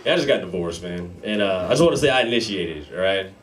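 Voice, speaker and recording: A man's voice: low-pitched, quick pace, a crowd in the background. Laid-back slangy stand-up comic man. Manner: laid-back slangy delivery, deadpan dark jokes. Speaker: stand-up comedian. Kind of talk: stand-up comedy set. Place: comedy club with a live audience. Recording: heavy noise behind a live club set.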